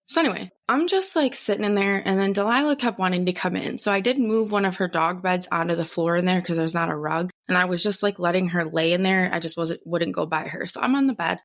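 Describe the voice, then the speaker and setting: A young adult woman chats on a podcast and tells a story with lively energy, her pitch swinging up and down as she acts out each moment. She swears freely and talks in a relaxed, casual way. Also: fast talker, hardly any pauses. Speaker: podcast co-host. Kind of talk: casual chat.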